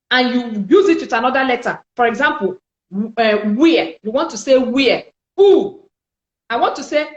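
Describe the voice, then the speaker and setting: A woman teaching French in a spoken lesson, explaining slowly and deliberately and repeating sounds for her learners. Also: high voice, a bit bright, reverberant, lo-fi sound.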